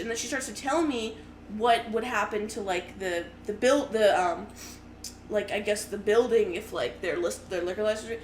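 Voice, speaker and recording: A woman's voice: mid-range voice, normal speed. A young woman comedian telling a story casually, rambling and laughing with lots of fillers and swearing. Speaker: comedian guest. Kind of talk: casual storytelling on a live show. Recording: echoey room with noise.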